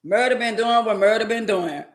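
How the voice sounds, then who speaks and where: A woman's voice: fairly high pitch, moderate pace, roomy sound. Blunt woman talking back to chat. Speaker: live-stream host. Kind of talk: casual live-stream commentary.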